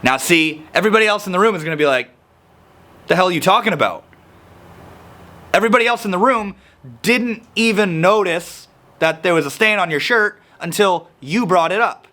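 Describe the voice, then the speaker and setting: Young guy with a bright, slightly high voice, chatty, does little impressions of people. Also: fairly quick. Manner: animated, acts out quoted people. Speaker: self-help video host. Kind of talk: casual talking-to-camera explainer.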